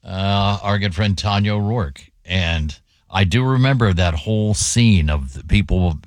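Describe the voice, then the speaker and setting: A man hosting a radio show, relaxed as he wraps up segments. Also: on the low side, a little slow, no room sound, clean studio sound. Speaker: radio host.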